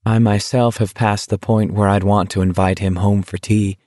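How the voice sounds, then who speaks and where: A man voicing a cool, sly young male walker in an audiobook, calm and knowing. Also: on the low side, moderate pace, no room sound, studio quality, natural voice.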